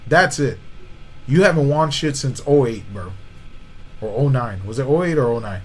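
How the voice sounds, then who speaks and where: Animated and at normal speed, a mid-range male voice argues basketball in casual slang, repeatedly saying "you know what I'm saying." He's a podcast co-host, and the audio is poor with slight background noise.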